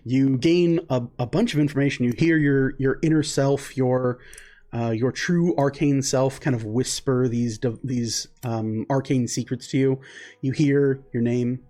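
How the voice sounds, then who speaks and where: A man's voice: medium pitch, unhurried. Man running a tabletop game. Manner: relaxed, loose, many fillers. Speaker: game master.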